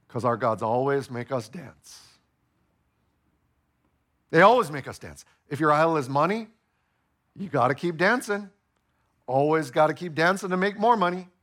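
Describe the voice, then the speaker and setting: A male pastor with a high voice delivers a sermon in a playful, animated style, performing the voices of the people in his story.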